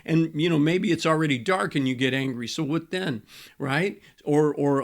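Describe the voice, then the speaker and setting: Older pastor coaching couples, slightly high voice. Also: male voice, normal speed, creaky. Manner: conversational, repeats key points, frequent fillers. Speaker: Christian marriage coach and pastor. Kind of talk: teaching to camera.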